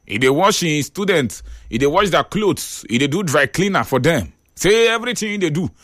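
A Nigerian man hosting a radio call-in show in Pidgin, animated and exclaiming as he reads listener messages. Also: fairly high pitch, moderate pace, dry recording, clean studio sound. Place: radio studio.

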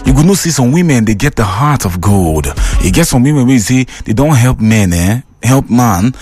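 A man with a Nigerian accent, hosting a call-in radio show, talking in a lively, preachy way as he reads listener messages. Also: medium pitch, normal speed, soft background music. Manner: lively, preachy, mixes Pidgin and English.

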